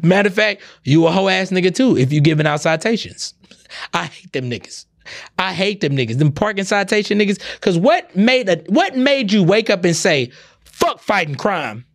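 Brief: young male podcast host, highish voice, animated profane rant. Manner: profane, heated, animated ranting. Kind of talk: ranting comedic monologue.

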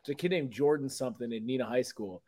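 A man co-hosting a podcast, telling stories in a joking, profane, animated way. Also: medium pitch, quick pace. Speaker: podcast co-host. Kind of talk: casual chat.

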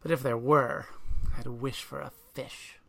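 A storybook reader voicing a hungry, skeptical cat in a slow, wry read-aloud. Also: medium pitch, fairly even intonation, creaky, a bit bright.

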